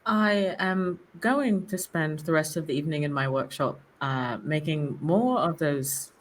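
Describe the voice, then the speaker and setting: A man playing a tabletop game, describing his actions in a measured way, searching for words. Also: fairly high pitch, slight background noise. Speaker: player. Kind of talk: casual table talk.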